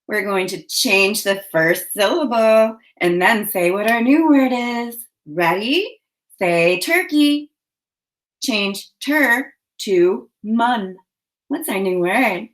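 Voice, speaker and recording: Woman, teacher, children's phonics lesson, slow, clearly enunciated, animated pitch.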